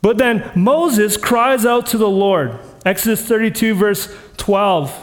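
High-pitched guy preaching, chatty and earnest, long church hall echo. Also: slow. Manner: earnest, conversational preaching that acts out scripture quotes. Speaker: pastor. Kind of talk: sermon.

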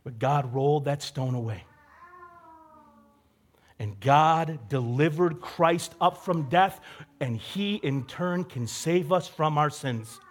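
A man's voice: on the high side, slow. A young man preaching a casual, conversational sermon, acting out the characters he quotes. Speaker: pastor.

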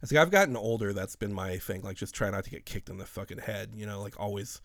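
A man's voice: on the low side, lively intonation, fast talker, dry recording, clean studio sound. A man in his thirties telling rambling, profane stories in a casual podcast chat.

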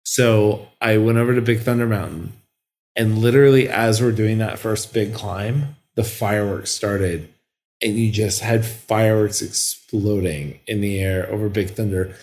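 A man with a low-pitched voice, telling a story in casual chat. He is animated and gets teary and emotional as he describes things. He sounds like he is in his thirties. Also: a little slow. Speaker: podcast co-host.

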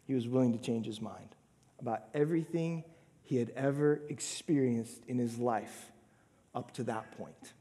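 A man preaching a sermon, swinging between loud emphatic lines and hushed, whispered asides. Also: medium pitch, moderate pace, in a large hall. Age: adult father of a young son. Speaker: pastor.

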